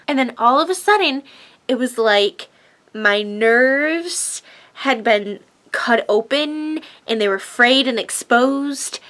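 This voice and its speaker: A woman's voice: fairly high pitch, lively intonation, slow pace, fairly bright tone. A woman vlogger telling a story in a casual way, gushing and chatty, laughing often.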